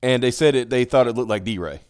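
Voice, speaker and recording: A man's voice: mid-range voice, a little fast, clear, resonant tone, no echo, clean studio sound. A man co-hosting a casual live stream, sarcastic and laughing often, reading chat comments aloud. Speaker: podcast co-host.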